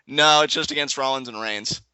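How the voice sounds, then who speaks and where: A young man chatting excitedly as a guest in a live reaction video, laughing often and rambling through restarts. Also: medium pitch, fairly quick, clear, resonant tone, no room sound, muffled recording. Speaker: guest co-commentator. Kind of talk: casual live reaction chat.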